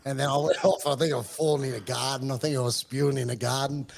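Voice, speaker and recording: A man's voice: mid-range voice, steady tone, quick pace, vocal fry, a little hiss or hum. An Australian man on a podcast, rambling through a story with swearing and laughs. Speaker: podcast co-host. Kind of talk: casual chat.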